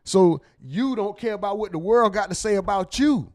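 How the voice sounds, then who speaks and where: A man's voice: high voice, animated, normal speed, a little mellow. A man hosting, talking bluntly and profanely in casual emphatic commentary. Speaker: host.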